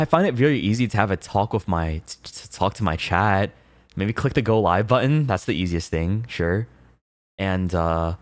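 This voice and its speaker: A young man's voice sits low, with no room sound. Streaming from home as a VTuber into a close desk mic, he reads confessions in a loose, rambling chat with viewers, full of laughter and swearing.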